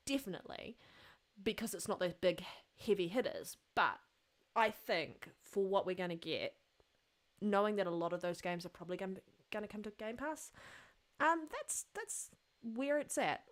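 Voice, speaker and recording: Chatty New Zealand woman co-host. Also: medium pitch. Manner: chatty, laughs often. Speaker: podcast co-host. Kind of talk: casual gaming podcast chat.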